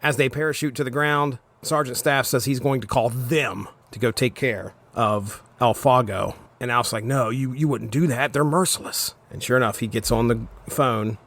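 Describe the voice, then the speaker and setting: A man hosting a comic book podcast, casually recapping a comic and reading out machine-made summaries, with quick chuckling asides. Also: mid-range voice, fairly even intonation, a bit bright. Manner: reads AI summaries aloud and comments on them. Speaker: podcast host.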